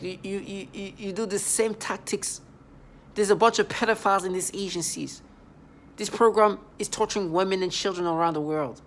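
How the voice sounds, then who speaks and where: A vlogger speaking in a halting, repetitive, accusatory monologue. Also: mid-range voice, slight background noise. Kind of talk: angry vlog monologue.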